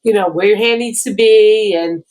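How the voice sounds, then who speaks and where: A woman chatting on a podcast, enthusiastic and heavy with filler words. Her voice sits at a middle pitch and keeps repeating how cool something was. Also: normal speed, a little mellow. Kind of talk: casual chat.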